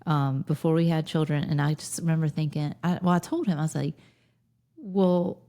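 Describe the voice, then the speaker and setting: A woman in her thirties with a Southern Lowcountry accent co-hosts a relaxed chat. Her voice sits on the low side and sounds warm and mellow. She tells her stories with a wry, amused edge. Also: normal speed. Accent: Southern US (Lowcountry South Carolina). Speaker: podcast co-host. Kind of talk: casual nostalgic chat.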